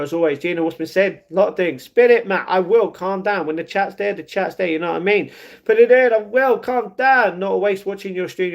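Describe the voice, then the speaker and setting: High-voiced London man chatting live. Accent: London English. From England. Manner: chatty, reads comments aloud and answers them. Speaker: livestream host reading chat. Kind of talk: casual live chat.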